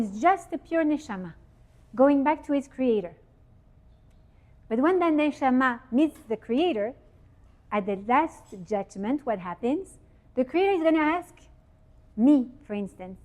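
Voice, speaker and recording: Woman speaker, fairly high voice, animated religious teaching, quizzes the audience. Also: normal speed, pauses often. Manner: lively, asks the audience questions. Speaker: speaker giving a Torah talk. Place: event hall with audience.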